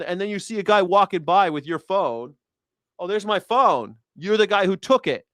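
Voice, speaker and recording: A man with a high-pitched voice hosts a news reaction show, delivering a profane political rant full of crude sarcasm, mockery and swearing. The audio is studio quality with no room sound.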